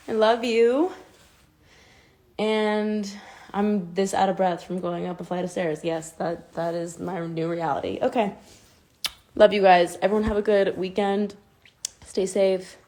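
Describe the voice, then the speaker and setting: A woman in her twenties chats candidly and confessionally to fans on a phone livestream from home, rambling and self-conscious. Her mid-range voice has a steady, dark tone and a measured pace broken by long pauses.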